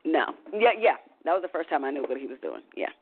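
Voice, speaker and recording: A woman's voice: low voice, very animated, quick pace, a little hiss or hum. A woman recounts a painful family memory, candid and emotional. She peppers her speech with "you know" and the odd curse word. The sound is thin and tinny, like a phone line. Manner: emotional, candid, swears casually, trails off in fillers. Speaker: interview guest. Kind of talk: candid personal storytelling.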